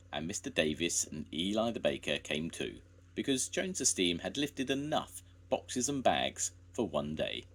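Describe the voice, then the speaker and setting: An older man, a grandfather, reading a children's story aloud in a slow, gentle way. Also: low voice.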